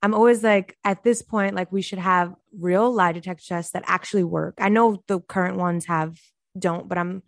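A woman chatting casually with co-hosts in a wry, matter-of-fact tone. Her voice sits lowish and sounds dry and close, with no room around it. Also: steady tone, normal speed, gravelly, no echo. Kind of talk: casual chat.

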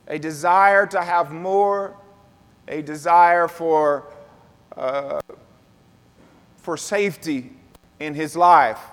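A man preaching a sermon at an unhurried pace, his voice pitched fairly high for a man. He draws the congregation into call-and-response. The sound carries a long reverb of a large sanctuary. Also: fairly bright tone. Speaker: pastor.

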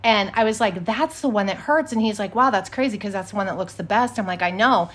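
A woman in her thirties co-hosting a casual podcast chat, telling lively stories and acting out what people said. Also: mid-range voice, fast talker. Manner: animated storyteller, acts out quotes. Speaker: podcast co-host.

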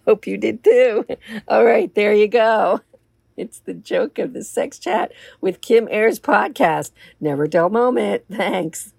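A woman's voice: medium pitch, expressive, slow, creaky, darkish tone, slightly rough, dry recording, studio quality. A woman hosting a casual solo podcast, talking in a candid, self-assured way. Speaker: podcast host.

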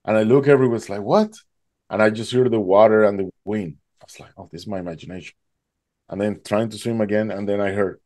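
A man tells a gripping personal story. His voice is dark and mellow at rest. It leaps much higher whenever he acts out his own panicked cries. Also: brisk. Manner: animated, acts out his own past voice rising high in panic. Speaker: guest telling his story. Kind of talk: emotional storytelling.

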